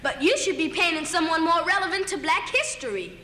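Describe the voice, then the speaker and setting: A woman voicing a prim cartoon lady who scolds sharply in a very high, swooping voice. The sound is echoey and carries a long reverb. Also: big pitch swings, fairly quick, pushed and bright, a little hiss or hum, full character voice. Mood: scolding.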